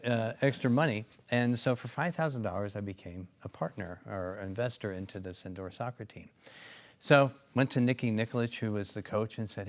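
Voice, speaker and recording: Man, interview, rambling storyteller, fairly low voice, many asides. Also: brisk. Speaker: company co-founder and clinician.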